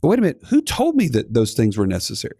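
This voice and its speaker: A man in his thirties with a gravelly edge chats animatedly on a finance podcast, with a streak of playful sarcasm. The sound is dry and close, with no room around it. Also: medium pitch, wildly swooping pitch, racing, dark tone, no echo. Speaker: podcast co-host. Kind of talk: casual finance podcast chat.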